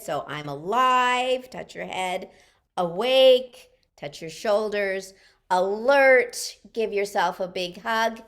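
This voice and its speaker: A woman's voice: mid-range voice, fairly bright tone. A woman leads a group sing-along with a jokey, cheerful manner, taking her time over each instruction. She teases her own skills as she walks everyone through the moves. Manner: jokey, cheerful, self-deprecating. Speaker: group singing leader.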